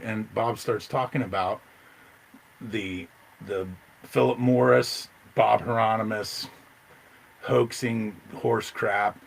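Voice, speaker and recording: A man telling a long story in casual chat, rambling and excitable, jumping into loud high voices when he quotes himself. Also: measured pace, vocal fry, breathy edge, poor audio.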